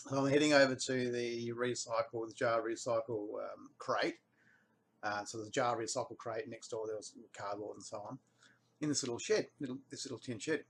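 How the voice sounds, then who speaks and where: A man's voice: medium pitch, creaky. An Australian man casually telling a rambling story, his voice jumping up when he quotes people. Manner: rambling, animated when quoting others. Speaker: vlogger.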